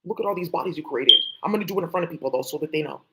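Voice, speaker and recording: A woman's voice: sits low, very fast, very noisy. Agitated, profane woman ranting on a livestream. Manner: agitated, profane, talks back at unseen voices. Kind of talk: rambling livestream rant.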